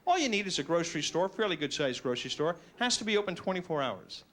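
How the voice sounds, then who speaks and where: Male stand-up comedian, high pitch, lively swoops, self-mocking delivery. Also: fast talker, a little hiss or hum. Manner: animated, self-mocking, jumps into silly voices. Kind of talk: stand-up routine.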